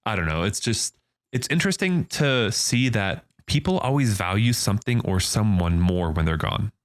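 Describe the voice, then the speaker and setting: A man's voice: lowish voice, expressive, normal speed, dry recording, clean studio sound. A man co-hosting a casual movie review podcast, talking in a laid-back way with lots of "like" and "you know". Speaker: podcast co-host.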